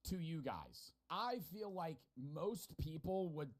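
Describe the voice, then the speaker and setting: A man's voice: on the high side, very animated, slow pace. A man with a general American accent giving casual, profanity-laced reaction commentary. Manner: rambling, profane, laughing asides. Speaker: streamer reacting to videos.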